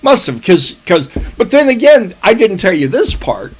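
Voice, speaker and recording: A middle-aged man co-hosting a casual podcast, talking in a rambling, profanity-laced way. His voice sits a little high for a man. His pitch swings widely as he tells the story. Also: big pitch swings, normal speed, husky. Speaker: podcast co-host. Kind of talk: casual chat.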